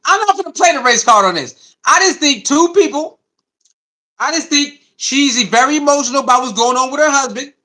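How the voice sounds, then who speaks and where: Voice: high-pitched, expressive, brisk, pushed and bright. A sports commentary host, reacting to clips and chat in a loose, repetitive way.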